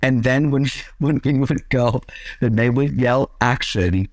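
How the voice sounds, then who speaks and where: A man, an actor, chatting as an interview guest and telling set stories with lively acted-out quotes. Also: medium pitch, unhurried, no echo. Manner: lively storyteller, acts out quotes. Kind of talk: casual interview chat.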